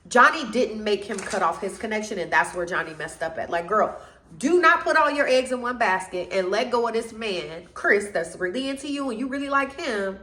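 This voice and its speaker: A woman giving a blunt, animated recap of a reality dating show, calling out the people she blames. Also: mid-range voice. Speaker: reality TV reviewer. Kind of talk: opinionated recap commentary. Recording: roomy echo.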